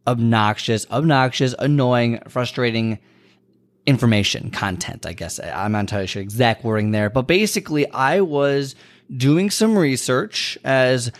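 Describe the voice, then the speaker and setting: A man's voice: mid-range voice, moderate pace. A man who works as a fitness and nutrition trainer, talking casually on his own podcast and rambling with lots of fillers and repeats.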